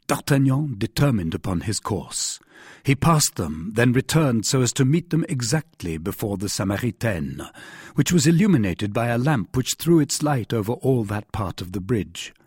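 Casting: male audiobook narrator, husky, lively pitch, dramatic delivery. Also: moderate pace, no room sound, studio quality. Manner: expressive, dramatic reading. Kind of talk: scripted narration of a classic novel.

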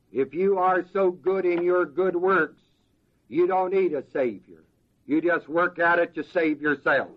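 A man preaching a slow, deliberate verse-by-verse sermon as pastor, pausing to ask the congregation to fill in words. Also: fairly high pitch, dull audio.

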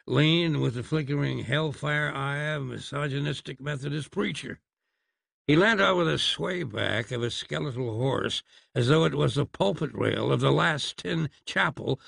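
A male audiobook narrator with an expressive, wry delivery. His voice is strongly gravelly with heavy fry, and the recording is close and completely dry. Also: mid-range voice, dry recording.

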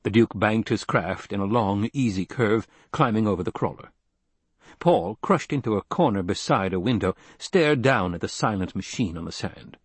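A man narrating an audiobook in steady, even storytelling. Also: lowish voice, normal speed, husky, no echo. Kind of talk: scripted narration.

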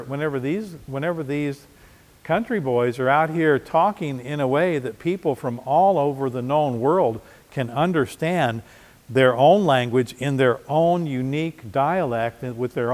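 A man's voice: mid-range voice, long reverb tail. A man preaching a sermon as pastor, conversational, with frequent restarts and repeated words. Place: church.

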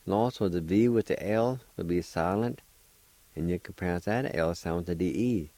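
A man hosting a radio language lesson, spelling out words and repeating each syllable deliberately. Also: sits low, mellow, dry recording. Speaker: language teacher and radio host.

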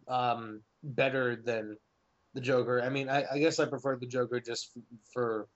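A man's voice: mid-range voice, flat delivery. Casual man on a lo-fi call mic. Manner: halting, restarts, swears casually. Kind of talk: casual movie discussion. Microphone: laptop or headset on a call. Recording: dull lo-fi online call audio.

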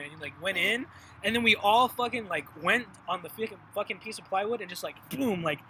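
Young guy talking fast and high, bright tone, cussing, telling stories to friends, bit of noise. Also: low-quality recording. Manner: rambling storyteller, heavy swearing, acts out quotes. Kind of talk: casual chat among friends.

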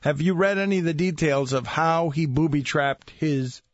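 A man hosting a sports talk radio show, speaking in a measured, deliberate way and musing aloud. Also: a little high, dry recording, lo-fi sound.

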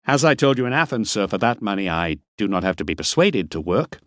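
A man's voice: lowish voice, big pitch swings, brisk, a bit bright, dry recording, studio quality. A man playing a hired driver and guide who talks respectfully and a little indignantly while hiding his nerves. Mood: respectful indignation. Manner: respectful, indignant, a bit defensive.

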